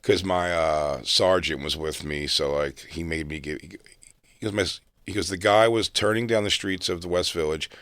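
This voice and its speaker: Low-voiced man telling rambling stories. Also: moderate pace, a bit bright, dry recording, clean studio sound. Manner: rambling, profane, laughs through stories. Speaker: podcast co-host. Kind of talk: casual storytelling chat.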